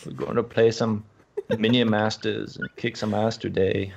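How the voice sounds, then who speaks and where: A man putting on a fake German accent as a gamer introducing a video, speaking slowly and in a mock-formal way. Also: fairly low pitch, level tone, creaky, slight background noise. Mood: mock-cheery.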